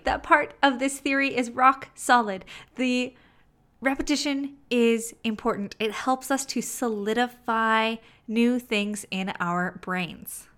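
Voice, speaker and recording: A woman teaching self-help in a slow, deliberate way, with playful asides. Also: a little high, fairly bright tone. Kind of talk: motivational teaching monologue.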